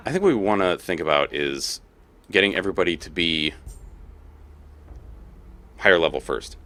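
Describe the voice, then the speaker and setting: A man's voice: low-pitched, animated, normal speed, pushed and bright. A young man casually commenting on his own gameplay as a let's play host, thinking aloud and laughing often.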